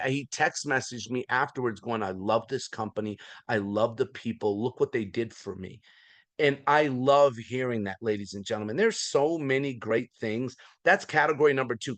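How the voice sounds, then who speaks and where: A man, likely in his forties, giving an energetic, folksy sales presentation on a video call, with lots of repetition. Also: mid-range voice, no room sound. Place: remote hotel room abroad.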